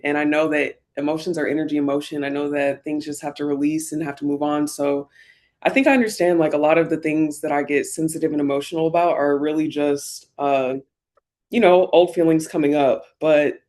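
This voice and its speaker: Woman just talking thru her feelings while getting ready, soft and reflective, says like a lot, gets a bit teary. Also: deep voice. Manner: reflective, soft-spoken, many fillers; emotional, near tears at times. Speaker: vlogger. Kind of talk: candid get-ready-with-me talk.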